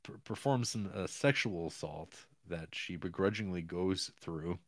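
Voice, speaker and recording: A man co-hosting a casual film podcast, rambling and acting out characters in quick voices. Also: low-pitched, fairly bright tone, dry recording. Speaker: podcast co-host. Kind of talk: casual chat about a film.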